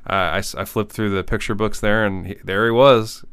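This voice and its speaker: Deadpan male podcast co-host, smooth low voice. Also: brisk, no echo. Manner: dry, deadpan, questioning. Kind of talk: casual comedic chat.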